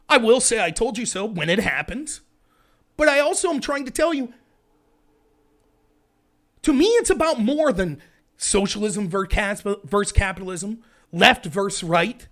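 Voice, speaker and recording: A man hosting a political commentary livestream, ranting in an animated, sarcastic way. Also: sits high, a little slow, pauses often. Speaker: host.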